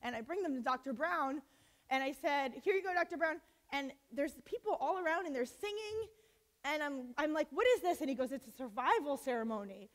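Brief: woman speaker, high pitch, impassioned storytelling, halting with fillers, long hall reverb. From United States. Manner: impassioned, many fillers and restarts, acts out quotes. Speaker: speaker at a college talk. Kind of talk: personal storytelling talk. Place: lecture hall.

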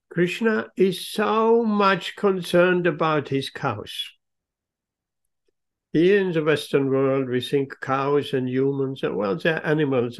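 Slow, gravelly-voiced man telling a devotional story. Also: medium pitch. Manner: slow, emphatic, leans on key words. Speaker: speaker giving a lecture.

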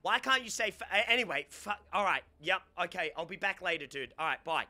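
Young man, live streamer, excitable, stammering, bright tense tone. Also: high voice, a little fast. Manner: excitable, stammers and restarts words. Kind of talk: casual live-stream chat.

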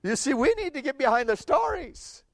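A man preaching a sermon, telling a Bible story with animated voices for the people in it and laughing often. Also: very high-pitched, moderate pace, creaky, dry recording.

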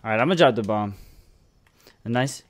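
A young man giving casual, excitable commentary over a shooter game, cursing freely and tagging "man" onto his lines. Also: medium pitch, a little fast. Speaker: gameplay commentator.

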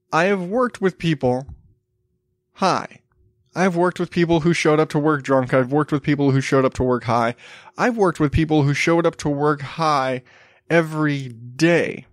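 Brief: man in his 30s, casual solo podcast host, slightly high voice, rambling delivery, dry close mic. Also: dry recording. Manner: rambling, self-interrupting with restarts.

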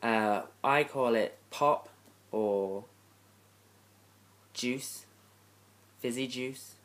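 A young man from London with a London accent, reading a word list in a casual, offhand, deadpan vlog. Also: medium pitch. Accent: London English. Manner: offhand, deadpan, self-deprecating. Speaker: vlogger. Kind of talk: casual talking-head vlog.

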